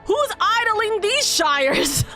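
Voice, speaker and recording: A woman with a stuffed nose voicing a joking Texan cowgirl in a slow, put-on drawl, calling people partner. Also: very high voice, very animated, bright, forceful tone, faint music behind, voice pushed up, exaggerated voice. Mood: teasing.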